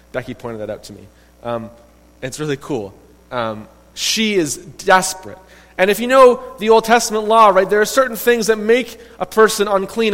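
A man preaching a sermon, retelling a story in a lively, emphatic way and voicing the quoted characters. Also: a little high. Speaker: pastor. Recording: long reverb of a hall.

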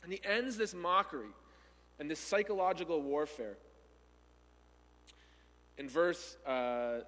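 Animated preacher man in a reverberant hall. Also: a little high, takes it slowly. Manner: animated storytelling, acting out the quoted speakers. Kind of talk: sermon.

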